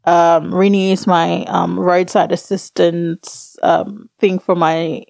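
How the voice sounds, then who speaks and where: Laid-back woman, slow, gravelly, dry sound. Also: on the low side, flat delivery, darkish tone, no room sound. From Australia. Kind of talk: casual chat.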